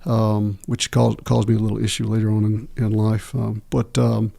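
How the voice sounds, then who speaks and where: A middle-aged man from Texas, a podcast guest telling stories from his life in a halting way, with many pauses and restarts. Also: on the low side, monotone, gravelly, warm tone. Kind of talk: candid interview storytelling.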